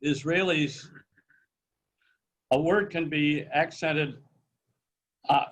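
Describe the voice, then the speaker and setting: A man with a slightly high voice, speaking as a cantor. He explains and corrects points with some authority in a casual discussion held over a video call. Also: fairly bright tone, rough recording.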